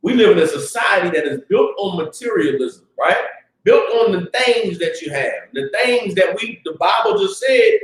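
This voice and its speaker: A man's voice: high voice, lively intonation, normal speed. Fiery preaching man, echoey room. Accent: Southern US. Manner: fiery, shouting at peaks, profane asides. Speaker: class teacher. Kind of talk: preaching class, casual street talk. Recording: roomy echo, distant mic.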